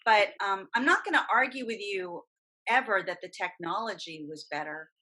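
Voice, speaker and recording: A woman's voice: mid-range voice, moderate pace, poor audio. A middle-aged woman, a guest voice actress and coach, talking animatedly and emphatically in a casual podcast chat. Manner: animated, emphatic, talks at length.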